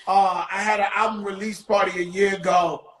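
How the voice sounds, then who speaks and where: A man's voice: sits high, flat delivery, moderate pace, fairly bright tone. Joking, profane male interviewer, echoey room. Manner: loose, joking, profane slang. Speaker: interviewer, rapper. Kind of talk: casual interview chat.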